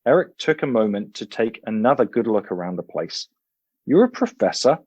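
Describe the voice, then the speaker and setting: A male author reading his book aloud, then chatting in a relaxed way as a podcast guest. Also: fairly low pitch, brisk, dry recording, lo-fi sound. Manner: relaxed and expressive, some uh fillers.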